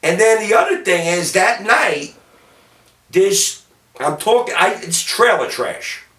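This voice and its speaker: A man from City, telling salty anecdotes about his bartending days in a lively, gesturing way. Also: sits high, slow. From Jersey City, New Jersey, US. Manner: animated, gestures while talking, salty. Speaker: storyteller, former bartender. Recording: roomy sound from a distant mic.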